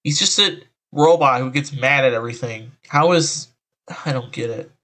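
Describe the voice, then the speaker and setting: With his voice run through a changer, this online commentator reads out an article and reacts with exasperated tangents and plenty of sighs. His pitch is medium, his speed normal, and his tone bright and forceful.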